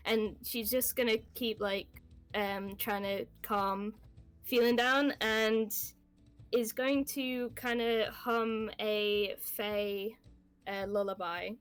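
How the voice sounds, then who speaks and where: A woman narrating her character's actions in a tabletop game, halting, with frequent giggles and fillers. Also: medium pitch, smooth.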